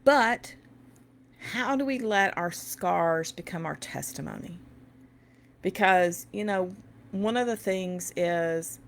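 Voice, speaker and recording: A woman's voice: fairly low pitch, slow. A middle-aged woman hosting and teaching, giving an emotional, preachy, heartfelt personal talk to her viewers. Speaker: host and educator.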